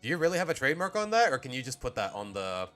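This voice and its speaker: This streamer from Mexico fires off words rapidly in a very animated, somewhat bright, medium-pitched voice, soft music playing. Ranking cartoon episodes, he rambles opinionatedly and keeps interrupting himself mid-sentence.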